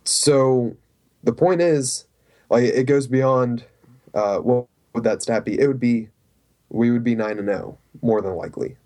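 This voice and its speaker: A man's voice: medium pitch, unhurried, darkish tone. A man with a Southern US accent co-hosting a casual podcast, rambling and hedging as he talks. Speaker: podcast co-host.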